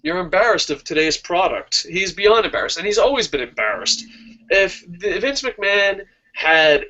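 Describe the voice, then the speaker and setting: A man's voice: high voice, moderate pace. Foul-mouthed ranting male wrestling host. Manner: profane, ranting, excitable. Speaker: wrestling talk show host. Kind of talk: casual live-stream chat. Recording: dull lo-fi stream audio.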